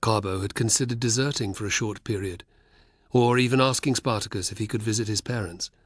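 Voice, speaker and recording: A man narrating an audiobook in a measured, even way. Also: on the low side, slightly rough, no room sound, clean studio sound. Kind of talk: scripted narration.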